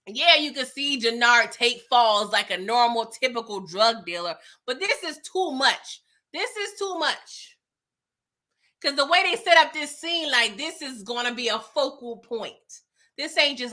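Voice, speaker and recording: Young woman, TV recap host, bright voice, a bit high, frustrated, animated. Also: a little slow. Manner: frustrated, animated, talks straight to viewers. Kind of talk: casual recap reaction and chat comments.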